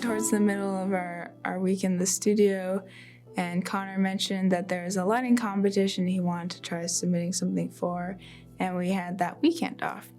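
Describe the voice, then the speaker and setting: A woman's voice: medium pitch, little pitch movement, normal speed, darkish tone, faint music behind. A young woman from a film crew recalling the shoot in a chatty way, full of fillers. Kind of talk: behind-the-scenes recollection.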